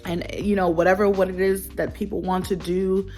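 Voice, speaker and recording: A woman's voice: fairly low pitch, level tone, normal speed, darkish tone, faint music behind. Earnest woman vlogger talking to camera. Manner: earnest, reflective, repeats phrases for emphasis. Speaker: lifestyle vlogger. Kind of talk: candid talk to camera.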